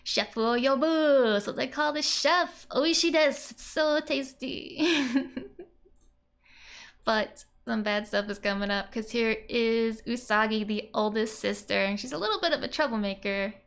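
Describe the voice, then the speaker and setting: A woman's voice: on the high side, creaky. A woman teaching a language lesson in a casual, chatty way, laughing often as she explains. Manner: giggly, chatty, frequent laughs. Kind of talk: casual lesson narration over screen.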